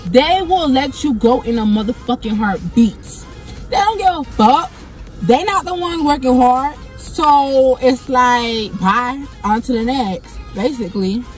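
A woman's voice: sits high, a little slow, faint music behind. Blunt, profane young woman telling a story. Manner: blunt, profane and animated, keeps getting sidetracked. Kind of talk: casual storytime monologue.

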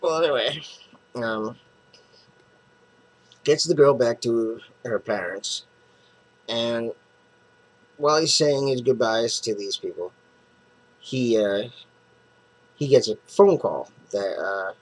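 A man's voice: medium pitch, takes it slowly, pauses often, poor audio. A man casually recapping a comic book plot, rambling with lots of fillers and restarts.

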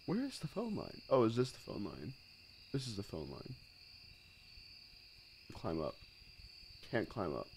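A man's voice: fairly low pitch, wildly swooping pitch, a little slow, vocal fry, long pauses, darkish tone, slight background noise. A man streaming a horror game, giving casual commentary with jittery, nervous exclamations.

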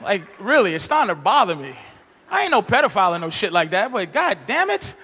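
A man doing a crude, rambling stand-up comedy set on a live stage, shouting his punchlines and acting out voices. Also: high-pitched, sing-song, a little fast, breathy edge.

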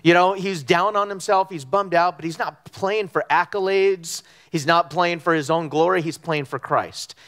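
A middle-aged man from Southern California preaching a conversational sermon, telling animated stories with frequent ums and restarts. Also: high-pitched, moderate pace, few pauses. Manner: animated storytelling with frequent fillers. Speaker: pastor. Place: church sanctuary.

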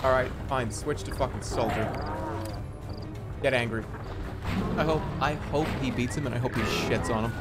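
A man casually commentating his own game live, excitable and joking, swearing freely. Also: mid-range voice, normal speed, pauses often, loud music behind the voice. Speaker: streamer playing a strategy game.

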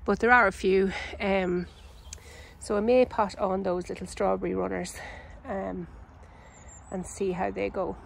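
An Irish woman giving a casual, unhurried walkthrough of her vegetable garden outdoors, chatty and full of ums and self-corrections. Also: mid-range voice, steady tone, creaky, slight background noise, poor audio. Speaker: home gardener and channel host.

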